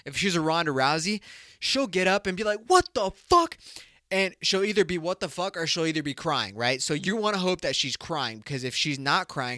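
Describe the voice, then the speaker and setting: Podcast host, male, fairly high and bright voice, profane rambling comic storyteller, dry close sound. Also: no echo. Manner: profane, rambling storyteller who laughs at his own jokes. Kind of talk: comedic solo podcast monologue.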